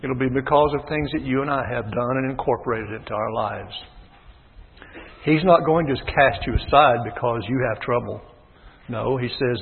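A man preaching a sermon in a husky voice, swinging between low measured reading and loud impassioned calls. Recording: tinny phone-like sound with long hall reverb.

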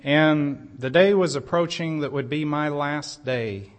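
Slow, earnest male preacher. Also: on the high side. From United States. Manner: slow, earnest storytelling with emphatic rises. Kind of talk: sermon.

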